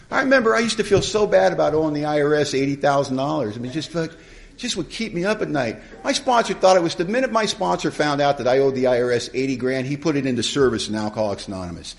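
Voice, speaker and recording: A middle-aged man telling his recovery story to a live conference audience, in a humorous, colloquial, animated way. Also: a little high, vocal fry. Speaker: AA speaker.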